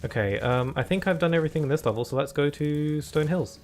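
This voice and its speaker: A man's voice: fairly high pitch, fast, a little mellow, soft background music. A man streaming a video game live, chatting casually and rambling to his viewers as he plays. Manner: chatty and rambling, talks to chat between laughs.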